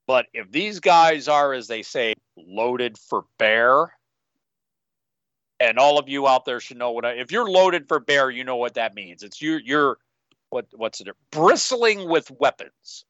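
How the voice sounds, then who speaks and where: A man co-hosting a casual podcast, rambling and slipping into quick in-character asides. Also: medium pitch, expressive, fairly bright tone, smooth, no echo. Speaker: podcast co-host. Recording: dull, slightly lo-fi, dry sound.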